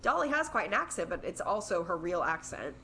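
A woman's voice: on the low side, big pitch swings, brisk, bright, forceful tone, slight background noise. A woman co-hosting a podcast in casual chat, talking loosely with lots of fillers. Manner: chatty, filler-heavy, laughs often. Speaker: podcast co-host.

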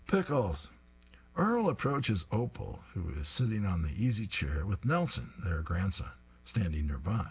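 A man's voice: lowish voice, sing-song, measured pace, husky. A man reading comic strips aloud, describing each panel with amused asides.

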